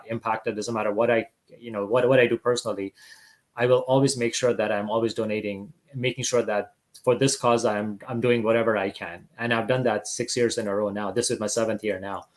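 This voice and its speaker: A man's voice: mid-range voice, low-quality recording. A middle-aged man talking casually and earnestly as a podcast guest over a video call, often restarting his phrases. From Greater Vancouver area, Canada. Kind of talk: casual interview talk.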